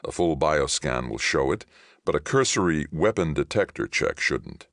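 A calm, measured veteran soldier speaks in a storybook reading, read by a man. The voice stays very deep, barely lifted from the narrator's own. It is dry and close to the mic. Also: no echo, exaggerated voice.

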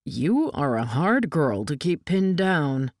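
A woman's voice: low-pitched, sing-song, slow, a little mellow, no room sound, studio quality, heavily acted. A woman reading as a wry, cool male agent.

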